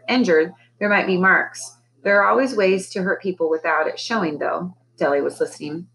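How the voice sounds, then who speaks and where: A woman's voice: on the low side, normal speed, vocal fry, a bit bright, rough recording. A woman teacher reading a children's novel aloud, lifting her voice for the characters' lines. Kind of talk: storybook read-aloud.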